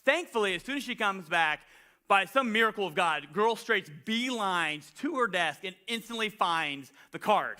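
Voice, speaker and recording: High, bright-voiced man preaching. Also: moderate pace. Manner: animated, self-deprecating storyteller, many "like" fillers. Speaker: pastor. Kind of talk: conversational sermon storytelling.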